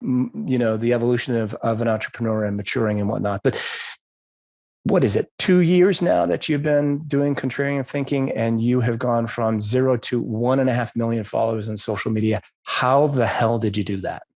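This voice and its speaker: A man's voice: mid-range voice, steady tone, moderate pace, darkish tone. A man hosting an interview, jokey and self-deprecating, asking rambling questions. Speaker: podcast host. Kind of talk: casual interview talk.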